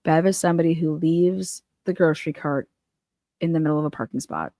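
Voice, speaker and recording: Profane, blunt woman ranting, low voice. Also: fairly even intonation, fairly quick, warm tone, no room sound, studio quality. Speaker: livestream host commenting on a trial. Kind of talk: casual ranting commentary.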